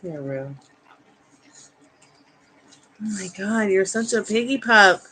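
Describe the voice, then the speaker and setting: A woman's voice: mid-range voice, expressive, slow pace, sharp tone, slight background noise, rough recording. A woman hosting a casual tarot livestream at home, reading out answers to viewers and cooing at her dogs on the couch. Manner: cooing baby talk to her dogs between chat replies.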